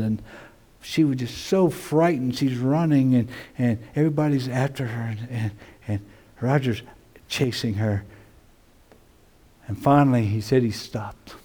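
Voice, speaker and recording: Slow, mellow-voiced male pastor preaching. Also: mid-range voice. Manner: dramatic swings from loud emphasis to hushed near-whispers. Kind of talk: sermon. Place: church sanctuary.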